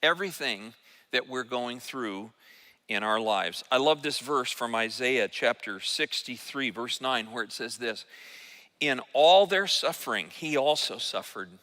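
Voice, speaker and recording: An older male pastor preaching in an earnest, emphatic way, often restarting his phrases. His voice is bright and forceful at a middle pitch. It rings with the long reverb of a church hall. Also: lively intonation, measured pace. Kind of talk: sermon. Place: church sanctuary.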